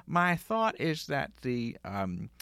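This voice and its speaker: A man's voice: medium pitch, big pitch swings, slow, pushed and bright, smooth, no room sound, studio quality. A man hosting a podcast, chatting in a rambling, easygoing way with frequent chuckles and fillers. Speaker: podcast host. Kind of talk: casual interview chat.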